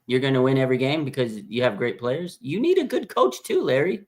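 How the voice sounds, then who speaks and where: A man's voice: mid-range voice, very animated, fairly quick. A man co-hosting a casual sports talk show, pushing his view bluntly and insistently at his co-host. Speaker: podcast co-host.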